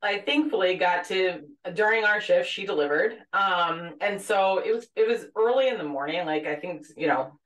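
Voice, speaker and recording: A woman co-hosting a podcast, a former labor and delivery nurse telling a story in animated, casual chat full of fillers and laughter. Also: fairly low pitch, moderate pace, hardly any pauses, recorded from a distance. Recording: echoey room, voice a bit off-mic.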